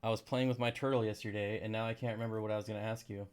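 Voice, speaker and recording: A man's voice: lowish voice, little pitch movement, rapid-fire, smooth. Casual male streamer, rambling chat, dry sarcasm, frustrated asides. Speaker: aquarium channel live streamer. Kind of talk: casual live stream chat reading comments.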